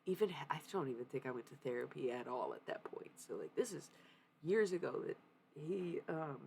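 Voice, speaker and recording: A young woman with a low, gravelly voice chats candidly on her live stream, swearing freely and laughing often. There is a faint hiss behind her. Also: sing-song, a little fast, mellow. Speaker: livestreamer. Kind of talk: casual confessional chat.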